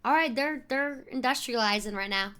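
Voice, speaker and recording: Excitable high-voiced woman streamer. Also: moderate pace, clean tone. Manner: excitable, exclaiming, laughing often. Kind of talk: live-stream chat, thanking viewers.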